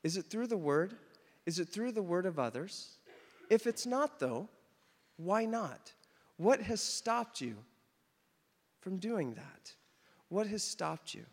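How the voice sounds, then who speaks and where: A man preaching a sermon, telling a story with animated emphasis, then leading communion. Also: sits high, slow, gravelly, pauses often. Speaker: pastor. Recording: long hall reverb.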